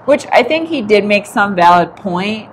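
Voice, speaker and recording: A woman's voice: medium pitch, expressive, normal speed, slight background noise, poor audio. Chatty woman with lots of fillers. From America. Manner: chatty, filler-heavy, laughs often. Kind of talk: casual chat.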